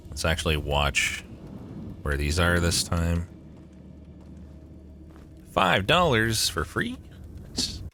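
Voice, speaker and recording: A man's voice: low voice, fairly bright tone, slight background noise. A young man streaming a game live, chatting with his viewers, swearing often and joking sarcastically.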